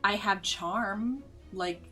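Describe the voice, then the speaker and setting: A woman playing a tabletop game, excitable and quick to laugh, reading rules aloud. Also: mid-range voice, soft background music. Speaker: player.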